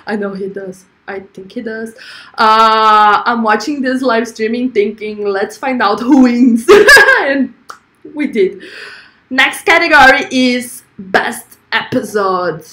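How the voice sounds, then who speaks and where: Woman, stream host, fairly high voice; chatty, giggly, stumbles and restarts. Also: a bit bright. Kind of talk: casual live-stream chat.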